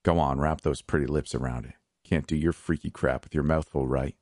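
A man's voice: steady tone, fairly quick, darkish tone, no echo, studio quality. A man voicing a crude, leering male prisoner in an audiobook. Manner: crude and leering, turns to shrill screaming. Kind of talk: audiobook character voice.

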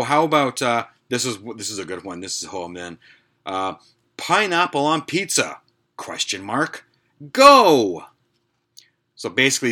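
A man with a bright, forward voice grumbles through a casual podcast rant. His sarcasm is blunt and his swearing comes easily. The pitch sits in a middling range. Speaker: podcast host. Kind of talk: casual ranting monologue.

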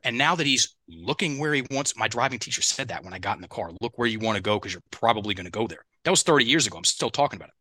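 Speaking rapid-fire with hardly any pauses, a middle-aged podcast guest shares stories with lots of energy, acting out others' words and speaking to listeners directly. His mid-range voice is very bright and tense, recorded close and dry on a headset mic with no room sound or echo.

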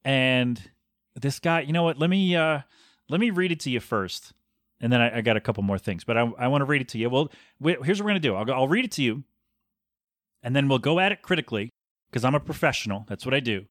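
A man's voice: medium pitch, expressive, quick pace, fairly bright tone, no room sound, studio quality. A man in his thirties hosting a solo podcast, rambling and sarcastic as he mocks a bad review in mock-professional tones. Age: 30s. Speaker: podcast host. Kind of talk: casual solo podcast rant. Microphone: podcast microphone.

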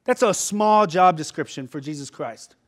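A man delivers a sermon from the pulpit in a high-pitched voice. He moves between hushed, reflective asides and sudden loud bursts of emphasis, often pausing to ask "right?" as he works through his points. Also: lively intonation. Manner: preaching with sudden surges and drops in volume; tags points with a questioning "right?". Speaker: pastor.

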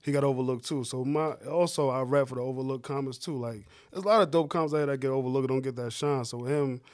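A man's voice: medium pitch, a little mellow. A male comedian guesting on a podcast, talking easily about life on the road and chiming in on shared stories. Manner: easygoing, backs up the story with quick interjections. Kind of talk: casual podcast chat.

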